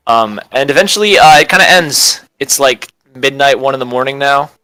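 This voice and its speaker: A young man runs a tabletop role-playing session, narrating scenes in a loose, casual way full of filler words. His voice is bright and clear, sitting at an ordinary pitch for a man. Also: expressive, moderate pace, no room sound, soft background music, poor audio. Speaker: game master.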